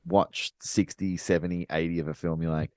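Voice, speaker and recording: A man's voice: low voice, level tone, normal speed, darkish tone, no room sound, studio quality. A man co-hosting a podcast, chatting about films and building long, emphatic arguments. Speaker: podcast co-host. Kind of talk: casual film chat.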